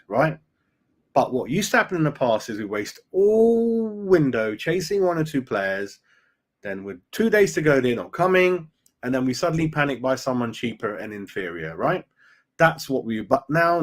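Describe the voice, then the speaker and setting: A middle-aged man hosts a fan live stream, chatting with viewers in an opinionated way and tagging lines with "mate" and "right?". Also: mid-range voice. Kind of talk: casual live-stream chat reading viewer comments.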